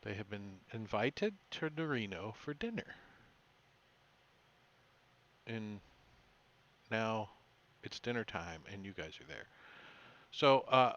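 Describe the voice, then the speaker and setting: Slow, halting game master man. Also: on the low side, big pitch swings, fairly bright tone, highs cut off. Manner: halting, many fillers and self-corrections. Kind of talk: recapping a tabletop game session.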